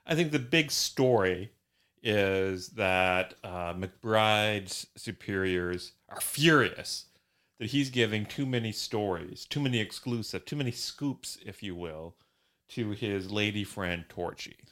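A man's voice: fairly low pitch, lively intonation, slow, fairly bright tone. Dry-humored man podcast co-host. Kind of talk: casual film discussion podcast.

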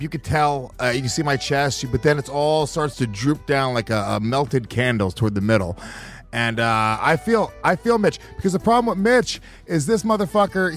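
A man's voice: on the high side, normal speed, soft background music. A man co-hosting a podcast, in crude, profane, mocking comedic banter. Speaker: podcast co-host.

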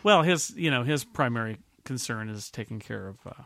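A man's voice: medium pitch, animated, normal speed, creaky, a bit bright, dry recording, clean studio sound. A man hosting a casual panel chat, joking, laughing often and calling on the others to pick. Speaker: host.

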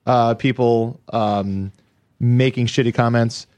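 A man's voice: mid-range voice, steady tone, slow pace, a little mellow. A man co-hosting a casual podcast, joking around with hesitant fillers. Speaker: podcast co-host. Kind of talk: casual chat.

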